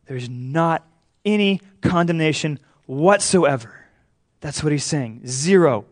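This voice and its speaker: Earnest male preacher, somewhat high voice. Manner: earnest, emphatic, repeats key phrases, often drops to a hush. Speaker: pastor. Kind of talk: sermon.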